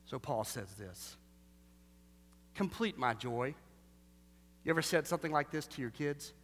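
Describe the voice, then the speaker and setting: A man preaching a sermon, animated and full of rhetorical questions, swinging between loud bursts and hushed lines. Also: mid-range voice, measured pace, long pauses. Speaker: pastor. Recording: long reverb of a large hall.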